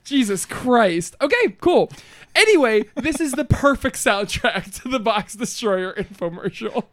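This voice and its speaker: A podcast co-host chatting casually and playfully, laughing often. The voice swings widely in pitch and drops casual swearing. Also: very animated, a little slow, fairly bright tone. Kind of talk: casual chat.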